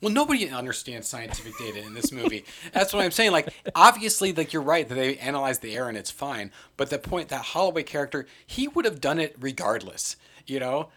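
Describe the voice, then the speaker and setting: A man's voice: fairly quick, hardly any pauses. A man co-hosting a casual movie podcast, talking animatedly with lots of fillers and acted-out quotes. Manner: animated, many "like" fillers, acts out quotes in jumps of pitch. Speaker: podcast co-host.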